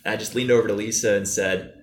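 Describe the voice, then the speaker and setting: A man's voice: fairly low pitch, quick pace, slight background noise. A young man, a travel vlogger, chatting casually and easily while answering viewer questions on a live stream. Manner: relaxed, easygoing, chuckling. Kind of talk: casual chat. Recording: echoey room.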